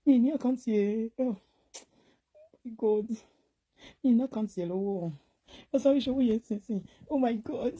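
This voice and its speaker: A woman in a played social media clip, gushing and tearful with joy, repeating her excitement and mixing Yoruba and English. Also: fairly high pitch, quick pace, pauses often.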